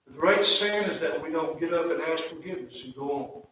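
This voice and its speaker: A man in later life, preaching a folksy sermon that swells into loud, emphatic repetition. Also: a little high, brisk, a little hiss or hum. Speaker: pastor. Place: church sanctuary. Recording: echoey church hall, mic at a distance.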